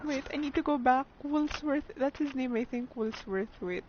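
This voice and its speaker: A woman's voice: high-pitched, normal speed. A woman giving casual let's play commentary, laughing often and talking back to the game's characters. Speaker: gamer. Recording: dull lo-fi sound with clear background noise.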